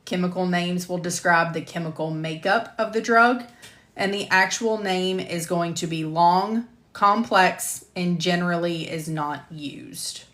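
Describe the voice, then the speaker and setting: A middle-aged woman with a light Southern US accent and a lowish voice reads lecture slides in a measured instructor's cadence. Between takes she drifts into casual, self-deprecating chat. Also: fairly bright tone. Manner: reads slides carefully, then chats with self-deprecating asides and laughter. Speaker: medical coding instructor. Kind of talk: recording a scripted lecture on a live stream.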